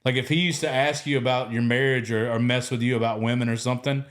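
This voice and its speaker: A man's voice: mid-range voice, flat delivery, fast, a bit bright. A man hosting a podcast, telling rambling stories in casual chat and laughing through them. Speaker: podcast host.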